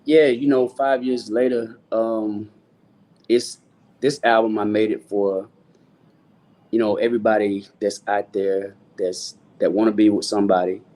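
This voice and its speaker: Mellow-voiced man, rambling softly. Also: on the low side, flat delivery, a little slow. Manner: loose, rambling, full of "you know what I'm saying". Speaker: guest singer. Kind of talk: relaxed interview talk.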